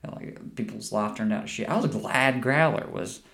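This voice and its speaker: A man's voice: mid-range voice, moderate pace, a bit bright. A young man hosting a podcast and chatting casually about a movie, rambling and swearing a lot. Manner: rambling, profane, with frequent restarts and laughs. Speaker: podcast host. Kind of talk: casual movie review chat.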